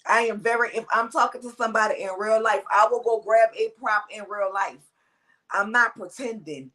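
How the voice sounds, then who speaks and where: A woman co-hosting a casual livestream chat, loud and brash, ranting with a lot of attitude. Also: fairly high pitch, moderate pace. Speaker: co-host.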